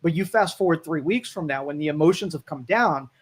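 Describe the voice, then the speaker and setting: A man's voice: a little high, expressive, a little fast, husky. A man co-hosting a live talk radio show, speaking bluntly and moralizing, reading out listener comments.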